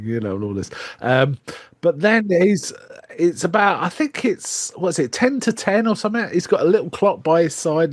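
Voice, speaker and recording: A man's voice: medium pitch, no room sound. A man co-hosting a podcast, casually retelling a film's plot and acting out its lines with little laughs. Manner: retells plots at length, acting out quoted lines and chuckling. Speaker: podcast co-host. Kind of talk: casual film discussion.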